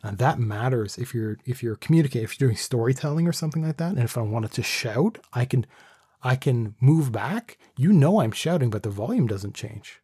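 Man, dark husky voice, dry close studio mic, rambling casual gear talk. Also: mid-range voice, expressive, a little fast, no echo. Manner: rambling, thinking aloud with restarts. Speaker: vlogger reviewing his microphone setup. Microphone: studio condenser microphone with pop screen.

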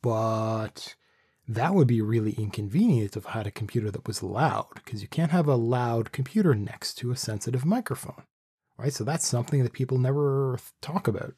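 Man, dark husky voice, dry close studio mic, rambling casual gear talk. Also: mid-range voice, animated, normal speed, dry recording. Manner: rambling, thinking aloud with restarts. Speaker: vlogger reviewing his microphone setup. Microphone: studio condenser microphone with pop screen.

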